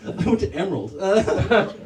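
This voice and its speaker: Heard from afar in a noisy, echoing comedy club, this MC does crowd work with a high-sitting voice that swings widely in pitch at a moderate pace. He rambles, pokes fun at himself, and chuckles at his own material.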